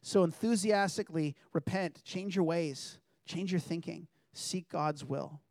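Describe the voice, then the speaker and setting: A man's voice: a little high, steady tone, measured pace, darkish tone, dry recording. Man, sermon, earnest conversational preaching, dry recording. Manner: earnest, conversational, reads scripture aloud.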